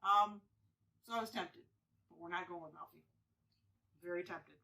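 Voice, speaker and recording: A woman's voice: on the low side, moderate pace, pushed and bright, recorded from a distance, low-quality recording. A woman chatting casually to camera as she picks ingredients for a drink, rambling with many fillers and restarts. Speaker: home cocktail vlogger.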